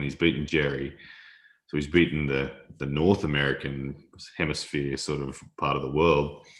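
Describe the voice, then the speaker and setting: A man with an extremely deep, low voice talks casually through a live stream, laughing easily and answering viewers as he plays chess. The room around him adds a noticeable echo. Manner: chatty, laughs often, reads viewer comments aloud. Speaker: livestream host. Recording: roomy echo.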